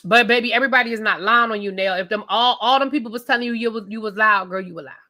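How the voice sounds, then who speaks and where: A woman hosting a live TV review show, talking loudly and emphatically straight to her viewers in a casual rant. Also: on the high side, rapid-fire. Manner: loud, emphatic, talks straight to the audience.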